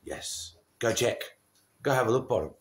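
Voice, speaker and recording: A man's voice: mid-range voice, animated, normal speed. A man filming a home pet vlog, chatting casually and cooing to his dog in a playful sing-song voice. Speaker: pet vlogger.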